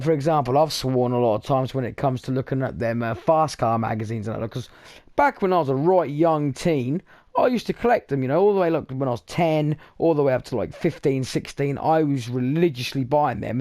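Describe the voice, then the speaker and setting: A man's voice: mid-range voice, mellow, dry recording, studio quality. Chatty, blunt young British man. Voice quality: swears freely, chatty, blunt. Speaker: gaming streamer. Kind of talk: casual rambling chat over gameplay.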